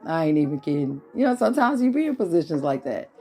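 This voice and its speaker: Woman vlogger, fairly low voice, lively and preachy, soft music behind. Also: fast, slightly rough. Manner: animated, preachy, addresses viewers as y'all. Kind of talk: casual motivational talk to viewers.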